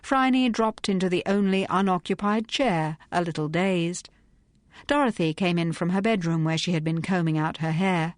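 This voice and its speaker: A woman narrating an audiobook in a measured, unhurried storytelling manner, close to a studio mic. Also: fairly low pitch, no echo. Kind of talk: scripted narration.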